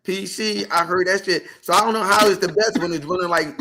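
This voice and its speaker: A podcast host in a loose, profane chat, throwing himself into a story and voicing the people he quotes. His voice sits a little high, with a bright, forceful edge. He talks casually and swears freely. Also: fairly quick.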